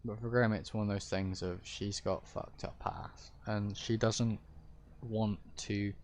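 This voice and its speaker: A man with a deep-ish, fairly low voice talks casually to his stream viewers as a roleplay streamer. He explains things in a rambling, hesitant way, stopping and restarting his thoughts. A faint hiss sits under his voice. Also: steady tone, unhurried.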